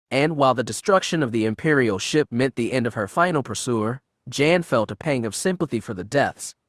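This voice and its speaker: A man reading a science fiction audiobook in steady, measured narration. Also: medium pitch, no echo, clean studio sound. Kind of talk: scripted narration.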